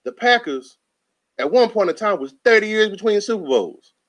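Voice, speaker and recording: Man, high expressive voice, opinionated, emphatic sports banter. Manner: opinionated, emphatic, drawn-out points. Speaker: sports talk show co-host. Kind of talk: casual sports chat.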